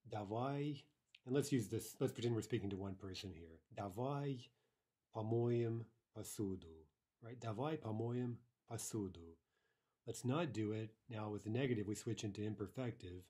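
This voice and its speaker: A man's voice: on the low side, moderate pace, mellow, breathy edge. A man teaching a language lesson, patiently explaining grammar and repeating each example aloud.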